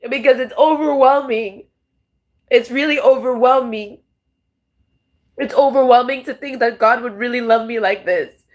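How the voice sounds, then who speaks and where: A woman's voice: a little high, normal speed, pauses often. A woman tarot vlogger talking to camera in a raw, rambling, emotional monologue, swearing often and restarting her sentences.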